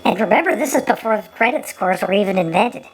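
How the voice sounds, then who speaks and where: A woman's voice: mid-range voice, animated, fast talker, slight background noise, low-quality recording. A woman giving sarcastic running commentary over an old film, often stumbling and repeating her words.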